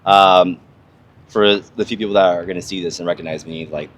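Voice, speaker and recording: A young man with a very low voice, swearing freely and rambling through stories in a casual podcast chat. His talk is loose, full of fillers and restarts, over a faint ambient hiss. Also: fairly even intonation, brisk, fairly bright tone. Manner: profane, rambling storyteller. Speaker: podcast host, army veteran. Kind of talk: casual conversation.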